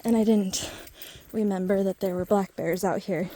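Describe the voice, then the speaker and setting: A woman's voice: medium pitch, steady tone, normal speed, mellow, a little hiss or hum. A woman chatting casually while out of breath on a mountain trail, rambling and self-deprecating into a handheld camera. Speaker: vlogger. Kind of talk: casual vlog chat while hiking.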